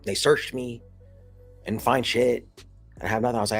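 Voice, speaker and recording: A man in his thirties tells a story from his past in loose, slangy talk, swearing freely and laughing now and then. His voice is a little husky and sits at an ordinary middle pitch. Faint music plays underneath. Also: normal speed. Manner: slangy, swears often, laughs between lines, lively retelling. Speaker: vlogger. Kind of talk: casual storytelling.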